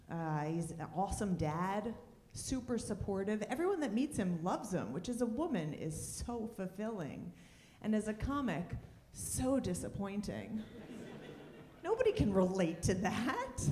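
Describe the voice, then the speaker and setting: Woman comic, stand-up set, animated delivery, roomy club stage sound. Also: medium pitch. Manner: wry, deadpan punchlines with lively asides. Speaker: stand-up comedian.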